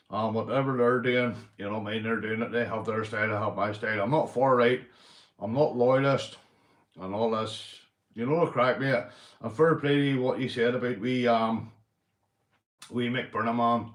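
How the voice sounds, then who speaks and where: Northern irish guy on a livestream, mid pitch, sipping beer, loud shoutouts then low muttery bits, swears a lot, bit of room echo. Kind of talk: casual livestream chat.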